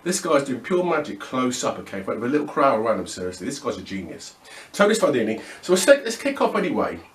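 A man's voice: mid-range voice, big pitch swings, fast, echoey room, distant mic. A man in his fifties, a magic vlogger, rambling enthusiastically with lots of repeated filler words. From England. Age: 50s. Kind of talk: casual rambling vlog monologue.

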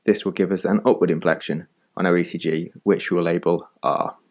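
Calm deep-voiced man explaining a lesson. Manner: calm, measured explanatory delivery. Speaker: medical educator narrating an animated lesson. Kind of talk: scripted voice-over narration.

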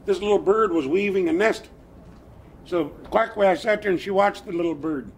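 An elderly man tells a traditional tale in a plainspoken, animated way. His voice sits high and has a gravelly edge. A faint hiss runs underneath. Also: moderate pace. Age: older. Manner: animated, plainspoken, chuckling asides. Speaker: storyteller, elder. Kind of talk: oral traditional storytelling.

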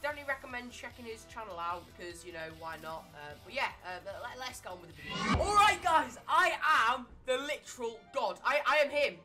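Excitable high-pitched woman gaming. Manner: excitable, frequent yelps and shouts; fast repetitive exclamations. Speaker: gaming YouTuber. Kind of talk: live gameplay commentary. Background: background music.

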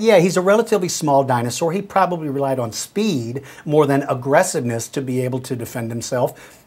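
With a voice on the high side and a breathy edge, a middle-aged man runs a question-and-answer show. He addresses young viewers directly, explaining in a friendly, folksy, casual style.

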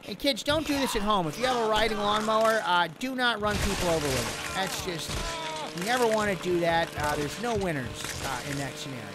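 A man's voice: high-pitched, expressive, a little fast. A man doing Grandpa Lemon, a rambling old lemon. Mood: excited. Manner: rambling, exclaiming at the game. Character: elderly male lemon, rambling and chatty. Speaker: game commentator. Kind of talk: let's play commentary.

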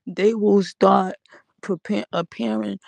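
A woman chatting casually and profanely on a livestream, rambling, laughing often and talking with animated energy. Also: medium pitch, slow pace, creaky, no room sound. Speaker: livestream host. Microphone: audio livestream from home.

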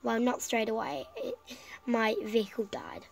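Coughing and under the weather, a gameplay commentator talks through her strategy game in a rambling, self-directed way, her remarks trailing off into fillers. Her slightly high, gravelly voice barely moves in pitch and runs at normal speed, recorded roughly with no echo.

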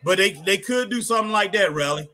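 A man's voice: high voice, expressive, fast talker, pushed and bright. A man co-hosting a casual wrestling live stream who reads viewer comments aloud and keeps tagging his sentences with "boy" and "man".

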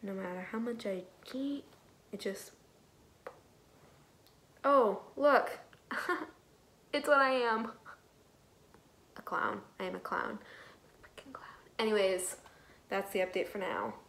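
A woman's voice: medium pitch, slow pace, pauses often, a bit bright, low-quality recording. Young woman rambling thru her day on a vlog, laughy, bit of faint noise behind. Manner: chatty, rambling, laughs often. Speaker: vlogger. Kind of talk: casual daily vlog.

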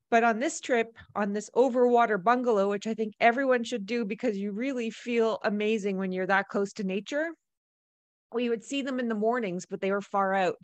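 Animated, laughing woman telling a story. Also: fairly high pitch, no room sound. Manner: animated, laughs often, acts out quoted dialogue. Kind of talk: casual storytelling.

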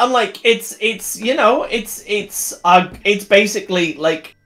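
A man's voice: high-pitched, animated, measured pace, sharp tone, faint music behind. Enthusiastic laughing man. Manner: enthusiastic, laughs often, rambling restarts. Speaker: co-host. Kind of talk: casual livestream chat.

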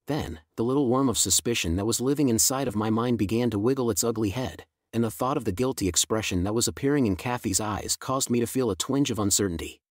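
A man narrating a first-person story in an even, measured way. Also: mid-range voice, no echo, clean studio sound.

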